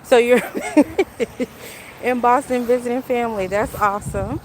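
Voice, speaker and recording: A woman's voice: fairly high pitch, a little slow, background noise. Chatty woman vlogging on a walk. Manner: chatty, animated, greets and answers viewers' comments. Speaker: livestream vlogger. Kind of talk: casual walk-and-talk livestream chat. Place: outdoors on a walk.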